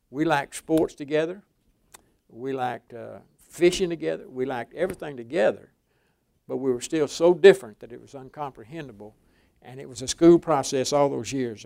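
Older male preacher, gravelly, rambling storyteller with restarts, mid-pitched. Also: a little mellow, no echo, studio quality. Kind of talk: folksy sermon.

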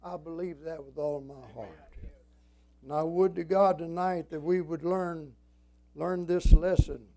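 A fairly high-pitched man preaches at an evening church service, taking his time with each word. His delivery has that classic pulpit rhythm, climbing to forceful peaks before falling into quiet moments.

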